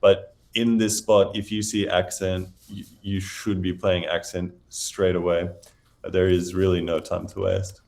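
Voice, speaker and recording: Male commentator, low voice, chatty analytical live game commentary. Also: little pitch movement, unhurried, vocal fry, a little mellow. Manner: chatty, analytical, often laughing.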